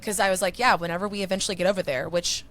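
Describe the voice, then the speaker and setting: A woman's voice: mid-range voice, fairly even intonation, very fast, a bit bright. A woman hosting a podcast, bubbly and chatty, poking fun at herself. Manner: bubbly, chatty, self-deprecating. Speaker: podcast host. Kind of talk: casual podcast chat.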